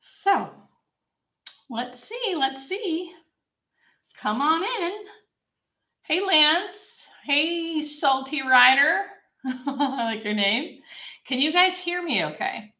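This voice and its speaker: A woman's voice: sits high, animated, takes it slowly, pushed and bright, echoey room. A woman from Southern California, a hospice nurse, chatting upbeat on a live-stream Q&A and answering viewers' questions. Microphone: camera mic.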